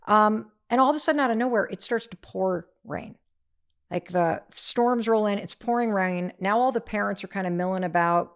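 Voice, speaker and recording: A middle-aged woman, an author, telling a story as an interview guest, lively and acting out the voices of the people in it. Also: medium pitch, a little fast, creaky. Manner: energetic, acts out quoted voices.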